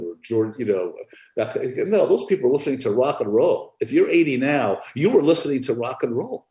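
A man, an author and music therapist, telling an animated story on a podcast and acting out the dialogue. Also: medium pitch, a little fast, echoey room.

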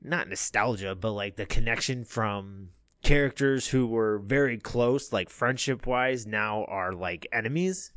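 A man's voice: on the low side, a little slow, hardly any pauses, a bit bright, clean tone, no echo, studio quality. A man chatting casually as a podcast co-host, telling a long story full of fillers, restarts and easy laughs. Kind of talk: casual chat.

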